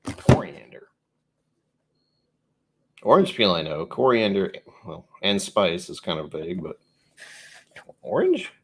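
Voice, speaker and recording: A man's voice: sits low, normal speed, a bit bright, slight background noise. A man hosting a casual whiskey tasting livestream, thinking aloud and correcting himself as he goes.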